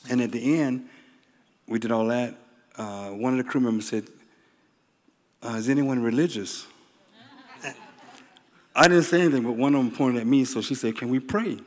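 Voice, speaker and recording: Middle-aged man giving halting testimony. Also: mid-range voice. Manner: halting, earnest testimony with fillers. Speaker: guest flight attendant. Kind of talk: testimony on stage. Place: large meeting hall. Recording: long hall reverb.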